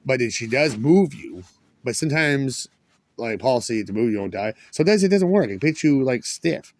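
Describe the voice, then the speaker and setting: Guy rambling on and cussing, normal pitched voice, dry sound. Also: animated, normal speed, darkish tone, dry recording. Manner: rambling, restarts and swears. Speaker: vlogger. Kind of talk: rambling casual storytelling.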